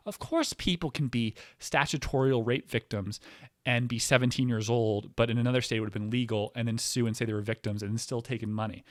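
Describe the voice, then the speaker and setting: A man hosting a podcast who talks in a loose, rambling way, full of "like" and asides. His voice sits at a middle pitch and sounds dry and close, with no room around it. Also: lively intonation, moderate pace, dry recording. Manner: rambling and provocative, heavy use of "like". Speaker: podcast host. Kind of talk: casual comedic podcast monologue.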